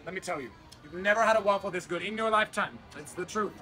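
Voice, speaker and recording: A man working a waffle shop counter, pitching samples with showy, upbeat salesman patter. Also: quick pace, bright, forceful tone, faint music behind.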